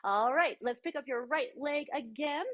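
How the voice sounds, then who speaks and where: A woman leading a guided chair yoga class as an adaptive yoga instructor, giving gentle, encouraging cues with frequent fillers. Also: sits high, normal speed, muffled recording, soft background music.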